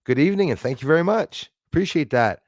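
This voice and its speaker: A middle-aged man hosting a casual live stream, excitable, thanking viewers by name and swearing when angry. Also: a little high, fast, dry recording, studio quality.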